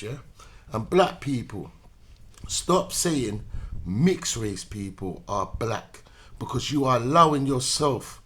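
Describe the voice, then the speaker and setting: A man's voice: medium pitch, a bit bright. Preachy man ranting with repeated "yeah?". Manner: preachy, repetitive, rhetorical "yeah?" checks. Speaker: commentator. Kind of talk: opinion monologue to camera.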